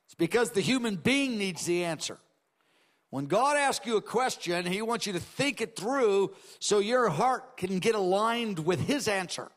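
Man pastor, high voice, conversational sermon delivery, long hall echo. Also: animated, a little slow, fairly bright tone. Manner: conversational expository preaching with dramatized asides.

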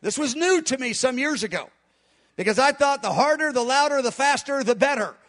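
A man with a very high voice delivers a sermon-style teaching on prayer. He is a fast, hard talker who presses his points with emphasis. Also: expressive, fairly bright tone.

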